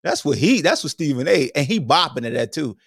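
A lively man speaking slang, riffing through a comedic rant. His pitch leaps high and drops low all the time, and the voice sits a little high for a man. The sound is close and dry, with no room echo. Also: a little fast, vocal fry, breathy edge. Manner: animated, joking, slangy, swings between high exclamations and low mutters. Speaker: podcast host. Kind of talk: comedic commentary monologue. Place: home streaming setup.

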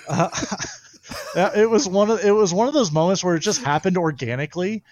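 A man, a guest on a podcast, telling stories in casual chat, animated and laughing often. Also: high voice, unhurried, pauses often, no room sound. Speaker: guest pitcher.

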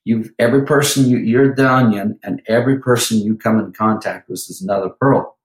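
A man's voice: on the low side, fairly quick, reverberant, low-quality recording. A man who works as a vocal coach, talking animatedly in a podcast interview and breaking into sung lines now and then.

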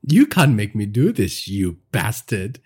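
A man reading a crime audio story and voicing a hysterical, grieving young man who whines and rises to shrill cries. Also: sing-song, unhurried, darkish tone, breathy edge. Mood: angry. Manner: whining, rising to shrill cries.

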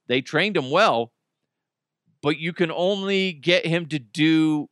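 Sarcastic man ranting, bright voice. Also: a little high, slow pace, clear, resonant tone, no room sound, clean studio sound. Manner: sarcastic, crude, laughs often. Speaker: podcast host. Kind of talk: casual comedic monologue.

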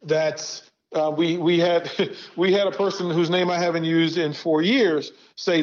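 A man's voice: on the high side, steady tone, a little slow, hardly any pauses. A man from Virginia, a guest speaking candidly and earnestly, often repeating words as he builds a point. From Arlington, Virginia. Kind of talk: candid conversational talk. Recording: dull lo-fi sound.

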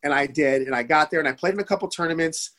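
A man's voice: a little high, quick pace. A middle-aged man from the Detroit area, telling a hockey story in casual conversation, swearing and acting out what others said. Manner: storytelling, animated, swearing, acts out quotes. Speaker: guest, former youth hockey goalie.

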